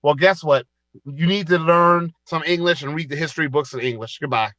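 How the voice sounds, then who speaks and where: A man's voice: fairly high pitch, fairly quick, bright, forceful tone, no room sound. A man with a Southern US accent hosting a live online audio space, lecturing a caller in a heated, emphatic way and repeating himself.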